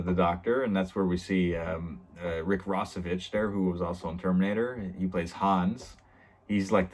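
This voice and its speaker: Low-voiced man rambling through a recap. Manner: rambling, lots of fillers, quotes characters loosely in his own voice. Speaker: review channel host. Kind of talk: casual episode recap.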